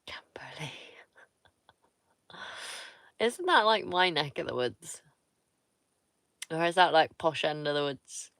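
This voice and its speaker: A woman, chatting slowly and easily with her livestream viewers. Her voice is bright and crisp, and she is blunt and teasing and swears freely. The sound is close and dry, with no room echo. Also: deep voice, lively intonation. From Somerset, England. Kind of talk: casual live-stream chat with viewers.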